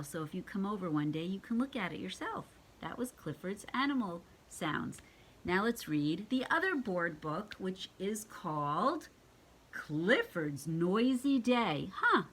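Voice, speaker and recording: An older woman reading picture books aloud to her grandchildren, gentle and expressive, asking them questions as she goes. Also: lowish voice, normal speed, breathy edge. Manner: gentle and expressive, asking the children questions and acting out animal sounds.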